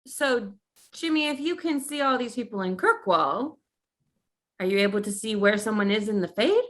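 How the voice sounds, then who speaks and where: Woman, tabletop player, hesitant, bright tense voice. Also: a little high, expressive, normal speed. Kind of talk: tabletop game chat.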